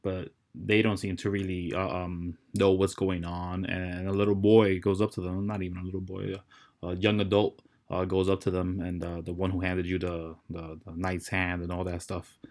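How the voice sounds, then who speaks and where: A man narrating as dungeon master, halting and restarting as he describes the scene. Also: deep voice, level tone, darkish tone. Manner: halting, many fillers and restarts. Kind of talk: narrating a tabletop game.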